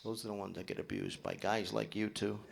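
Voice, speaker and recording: A man's voice: fairly low pitch, steady tone, fairly quick, vocal fry, heavy background noise. A middle-aged male stand-up comic doing a live set, brash and profane, teasing people in the audience. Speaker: stand-up comedian. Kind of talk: live stand-up comedy with crowd work.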